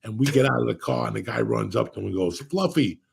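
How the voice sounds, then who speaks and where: A man telling stories in a casual chat, profane and rambling, with a gravelly, raspy voice. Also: lowish voice, quick pace. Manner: profane, storytelling. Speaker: podcast host.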